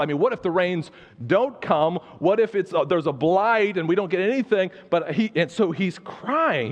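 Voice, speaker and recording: A man's voice: on the high side, long reverb tail. A male pastor preaching a sermon in earnest, often repeating words as he builds his point. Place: church sanctuary.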